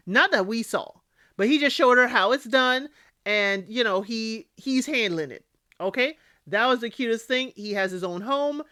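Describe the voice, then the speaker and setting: A woman's voice: medium pitch, a bit bright, no room sound, clean studio sound. A woman hosting a casual recap of a reality TV show. She talks emphatically, scolds the people on the show directly and often tags her points with "okay?". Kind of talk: casual spoken recap and commentary.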